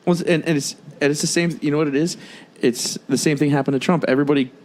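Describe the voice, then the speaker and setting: A fairly high-voiced man talking loosely on a podcast. He is blunt and exasperated and drops curses into almost every sentence. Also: fairly even intonation, quick pace, darkish tone, slight background noise. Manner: blunt, exasperated, swears a lot. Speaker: podcast co-host. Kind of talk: casual profane chat.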